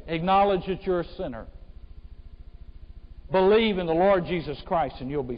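A male pastor preaching an impassioned sermon, swinging between hushed and loud delivery. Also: sits high, moderate pace, long pauses. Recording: echoey hall, dull sound.

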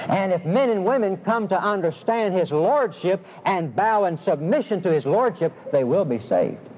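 A man preaching a sermon, emphatic, slowing down and stressing his key phrases. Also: sits high, expressive, a little mellow, husky. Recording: dull lo-fi sermon recording with faint hiss.

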